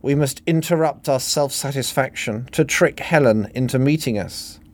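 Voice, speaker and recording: A man's voice: medium pitch, normal speed, pitched above the performer's own voice, natural voice. A man putting on a prim, earnest heroine. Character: earnest, soulful woman heroine. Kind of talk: satirical reading.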